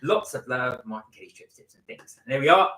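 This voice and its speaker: A man's voice: mid-range voice, animated, brisk, bright, forceful tone, a little hiss or hum. A man from the West Country co-hosting a casual live stream, reading chat comments aloud with lots of ums and uhs. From West Country, England. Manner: hesitant, full of ums and uhs. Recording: roomy echoey room.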